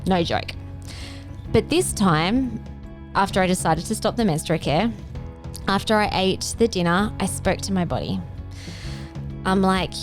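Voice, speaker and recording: A woman's voice: measured pace, long pauses, faint music behind. Earnest woman telling a health story. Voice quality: earnest, emotional. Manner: expressive, rising into pitch when moved. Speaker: functional medicine podcast host. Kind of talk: personal health story monologue.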